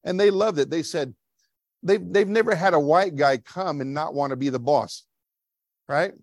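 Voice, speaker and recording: A male pastor preaching a sermon in a casual, chatty way, tossing in "right?" after his points and slipping into little voices for quoted speech. His voice sits a touch high for a man, and the sound is close and dry with little room echo. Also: normal speed. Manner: conversational, frequent "right?" tag questions, acts out quotes. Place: church.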